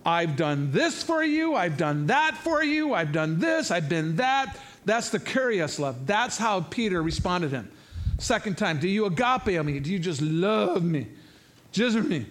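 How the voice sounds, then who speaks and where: A man in his fifties delivering a sermon in a loose, conversational way. He tells stories with lively energy and often restarts his sentences. His voice sits slightly high for a man. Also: unhurried. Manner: conversational, animated storytelling with many restarts. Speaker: pastor.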